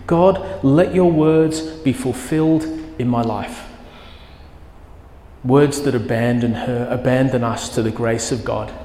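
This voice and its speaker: A man's voice: mid-range voice, darkish tone. A man preaching a sermon as pastor, telling a story with vivid, emphatic quoted lines. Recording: echoey hall with long reverb.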